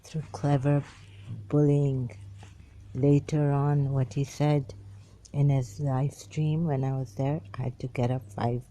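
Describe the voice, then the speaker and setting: A vlogger giving a rambling personal monologue, halting and repeating phrases. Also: medium pitch, flat delivery, mellow.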